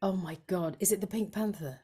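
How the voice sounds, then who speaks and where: A woman's voice: on the low side, a little fast, warm tone, breathy edge. A woman chatting on a video call, enthusiastic and laughing, often repeating her words. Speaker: play reading participant. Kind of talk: casual chat on a video call.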